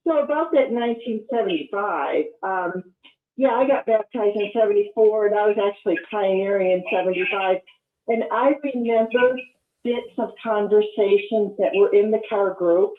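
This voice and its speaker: A woman's voice: medium pitch, moderate pace. An older woman calling in to a live talk show, earnestly recalling old memories with frequent ums. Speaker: caller. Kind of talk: call-in show chat. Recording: tinny phone line, echoey.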